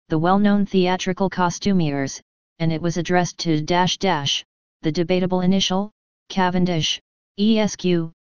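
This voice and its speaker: Low, very clear woman reading a novel. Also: no room sound, dull audio. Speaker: audiobook narrator. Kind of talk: scripted narration.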